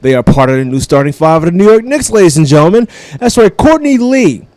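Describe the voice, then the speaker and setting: A man's voice: high voice, sing-song, fast, a little mellow, no echo. A man hosting a comedy radio show, giving a casual, profane sports rant like a devoted fan.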